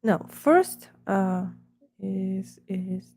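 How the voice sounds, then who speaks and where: A woman talks slowly and loosely to herself while she works on a live stream, drifting between murmured asides and rambling chat. Her voice is mellow and dark, close to the mic in a dry, dead room. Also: mid-range voice, expressive, dry recording.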